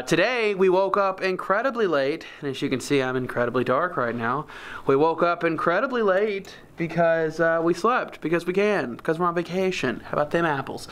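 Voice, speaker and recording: A man's voice: fairly high pitch, fairly bright tone, smooth. A young man from Pennsylvania hosting a casual travel vlog, joking and playful with slangy asides, filmed outdoors in an old town on a handheld camera. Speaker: travel vlogger host. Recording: noisy outdoor street sound.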